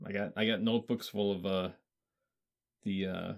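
A man's voice: low-pitched, steady tone, moderate pace, creaky. A man co-hosting a casual chat, curious, repeating words as he asks questions. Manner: curious, stammering, laughs easily. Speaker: podcast co-host.

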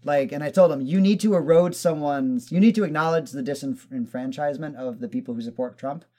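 A man telling stories in casual chat, animated and profane, acting out other people's lines. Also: a little high, a little fast. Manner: animated storyteller, swears, acts out quotes.

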